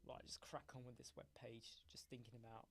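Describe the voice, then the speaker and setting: A man's voice: medium pitch, little pitch movement, a little fast, creaky, slight background noise. A man hosting a live web design stream, joking and rambling playfully to his chat viewers.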